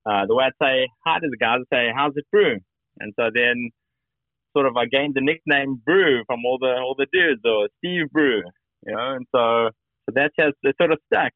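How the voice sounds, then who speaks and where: A man's voice: mid-range voice, moderate pace, dry recording. South African man on a tinny phone line. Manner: friendly, rambling storyteller. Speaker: company founder, guest. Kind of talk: casual phone interview.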